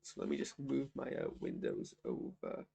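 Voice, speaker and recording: A man's voice: extremely low pitch, huge pitch swings, moderate pace, creaky, warm tone, slight background noise. A young man giving a live reaction review of a TV episode, rambling, self-interrupting and often exasperated. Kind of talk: live post-watch reaction.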